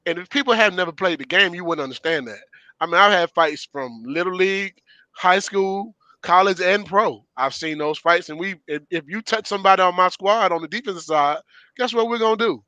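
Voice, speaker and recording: A middle-aged man tells stories in a bright, forceful voice. He talks with emphasis and conviction, and his voice sits on the higher side. The recording is close and dry. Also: a little fast, no echo, lo-fi sound. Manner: storytelling, emphatic, laughs often. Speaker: former player and show regular. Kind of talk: casual sports talk.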